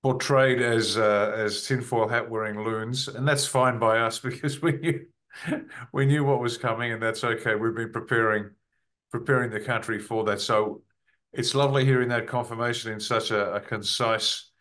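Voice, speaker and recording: A man's voice: medium pitch, fairly even intonation, normal speed, a bit bright. Man, host, video call, hesitant, repeats words, affirming. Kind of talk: online video call interview.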